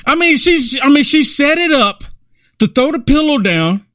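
A man's voice: very high voice, lively intonation, moderate pace, fairly bright tone, no room sound, studio quality. A man giving casual reaction commentary on political clips, ranting and repeating "I mean" as he talks.

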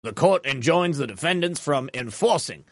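A man putting on a Southern accent to voice an older male judge, a cigar-smoking gentleman, reading slowly and formally. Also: fairly high pitch, lively intonation, dry recording, clean studio sound. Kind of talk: put-on voice reading a court ruling aloud.

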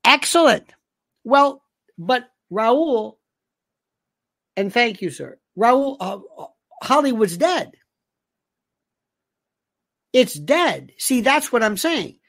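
A sarcastic commentary host tears into the subject of the rant, heaping up insults and rhetorical questions in a loose, rambling flow. The pitch sits in a middle range. The recording is dry and close, with no room sound. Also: sing-song, very slow, pauses often, fairly bright tone, dry recording. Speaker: host reading viewer comments. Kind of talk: opinionated commentary monologue.

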